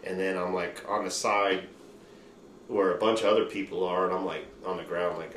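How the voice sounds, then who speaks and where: Low-voiced man telling profane stories. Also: fairly even intonation, normal speed, a bit bright. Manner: loose, profane, rambling retelling. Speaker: podcast host. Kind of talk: casual storytelling chat. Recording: roomy room with faint noise.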